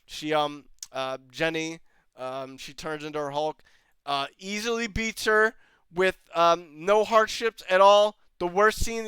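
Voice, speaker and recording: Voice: medium pitch, big pitch swings, a little slow, fairly bright tone, smooth, no room sound. An online reviewer ranting over footage, laughing often and swearing freely, with exasperated, incredulous questions. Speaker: video reviewer.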